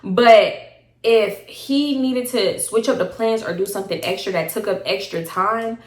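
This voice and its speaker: Animated young woman telling a story. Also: mid-range voice, moderate pace. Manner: animated, slangy, acts out both sides of arguments. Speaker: storytime vlogger. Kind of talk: casual storytelling to camera. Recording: echoey room.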